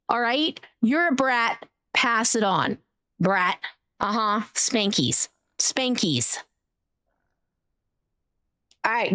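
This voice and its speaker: A woman's voice: high-pitched, fairly bright tone, dry recording, studio quality. A young woman live-streaming a game, chatting playfully with her viewers, teasing them and breaking into yelps and exclamations. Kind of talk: live gameplay stream chat.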